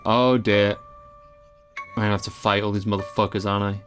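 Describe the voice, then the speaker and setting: Guy playing a game, lowish voice, swears a bunch, yelps at jumpscares, reads the text out dry. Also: little pitch movement, a little fast, fairly bright tone, faint music behind. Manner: swears often and yelps when startled. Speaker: let's play gamer. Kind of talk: casual gameplay commentary.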